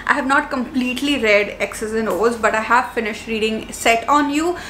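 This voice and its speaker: A woman in her twenties talks in a casual book vlog, gushing and emotional as she repeats words for emphasis. Her voice sits fairly high. The room is echoey, with a faint hum of ambience behind her. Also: normal speed, bright, forceful tone. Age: 20s. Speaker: book vlogger.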